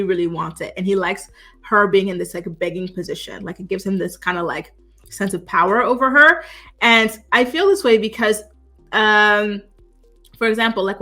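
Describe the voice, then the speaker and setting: A woman's voice: medium pitch, pushed and bright. A woman in casual, chatty commentary, recapping a reality show with lots of gossipy asides. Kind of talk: casual chat.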